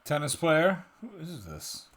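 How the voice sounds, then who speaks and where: A man's voice: fairly high pitch, sing-song, measured pace, heavy background noise. A man from the United States hosting a reaction video, musing and asking himself questions between clips. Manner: musing, unsure asides, bursts of laughter. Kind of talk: casual reaction commentary.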